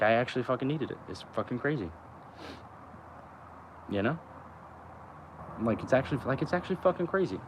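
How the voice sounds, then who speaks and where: A young man rambles casually outdoors beside a road, his talk loose, profane and packed with fillers. His voice is medium-pitched and fairly bright, with slight background noise.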